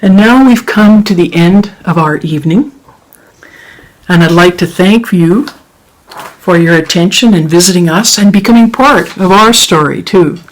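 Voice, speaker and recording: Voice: mid-range voice, poor audio. A storyteller telling a folk tale to a live audience and then closing the evening as host. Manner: slow, expressive storytelling.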